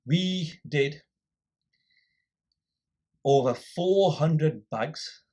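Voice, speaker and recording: Husky man telling a lively story. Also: a little high, very slow. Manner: animated storyteller acting out quoted exchanges. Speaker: podcast guest. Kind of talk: casual storytelling chat.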